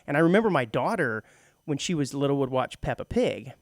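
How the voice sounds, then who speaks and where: A middle-aged man co-hosts a radio show from the studio, his mid-range voice very animated and brisk. He banters casually, laughs a lot, and slips into mock British voices, and the recording has studio quality with no echo.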